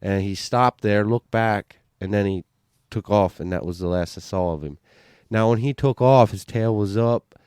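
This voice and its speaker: A man telling a hunting story on a podcast, excited and rambling, restarting sentences and swearing casually. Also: lowish voice, normal speed, smooth, dry recording, studio quality. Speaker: podcast guest, bowhunter.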